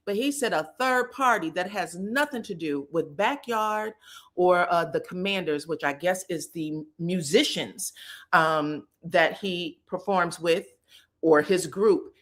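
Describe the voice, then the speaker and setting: A woman hosting casual pop-culture commentary, chatty and animated, talking straight to her viewers. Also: fairly low pitch, measured pace. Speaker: commentary host.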